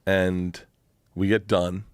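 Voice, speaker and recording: A man, a podcast guest, telling a crude anecdote in an animated, casual way. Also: sits low, slow, clear, resonant tone, no room sound, clean studio sound. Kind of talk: casual chat, storytelling.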